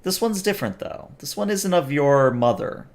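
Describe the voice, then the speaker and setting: A man narrating as game master of a tabletop role-playing game, with slow, deliberate descriptions. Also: on the high side, expressive.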